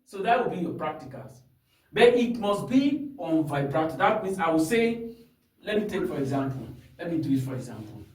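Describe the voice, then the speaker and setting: A man's voice: a little high, big pitch swings, moderate pace, a little mellow. A man teaching a singing lesson, explaining step by step and checking in often with his student. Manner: instructive, checks in often with "hmm?" and "you understand?". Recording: echoey room, mic far off.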